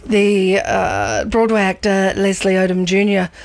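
Woman, radio presenter, mid pitch, casual and animated with lots of fillers. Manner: chatty and animated, quick to laugh, many ums and restarts. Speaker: radio presenter and arts reviewer.

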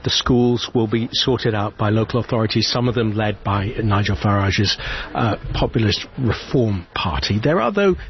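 Radio news presenter, muffled broadcast sound. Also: male voice, fairly low pitch, lively intonation, normal speed. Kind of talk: live radio news interview. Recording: muffled broadcast with faint noise.

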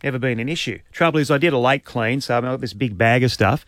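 Fast-talking Australian man. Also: medium pitch, no echo, clean studio sound. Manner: animated storytelling, mimics neighbour. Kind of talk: casual banter.

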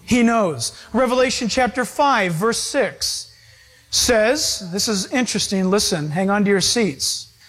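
A man preaching a sermon to his congregation, emphatic and slowing down to stress his points. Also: high-pitched, animated, a bit bright. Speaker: pastor.

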